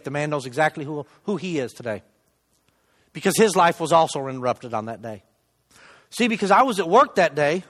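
High-pitched man preaching in an echoing hall. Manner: conversational, self-deprecating, swings between loud emphasis and hushed asides. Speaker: lay preacher giving a testimony. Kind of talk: sermon testimony. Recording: long reverb of a church hall.

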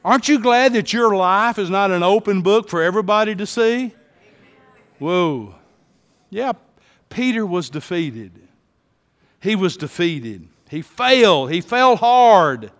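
A man preaching a sermon as a pastor, swinging from hushed tones to shouts. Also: high voice, animated, a little slow, big-room sound.

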